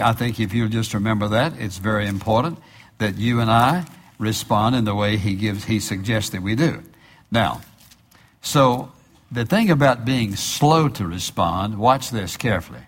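A pastor delivering a sermon in an ordinary mid-range man's voice. He leans on key phrases by slowing right down and repeating them. He puts questions to the congregation and answers them himself. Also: medium pitch, husky.

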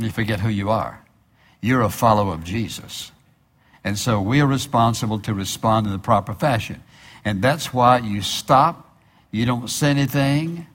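A man preaching a sermon as a pastor. He slows down to stress key phrases, repeats them, and asks the listeners questions that he answers himself. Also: medium pitch.

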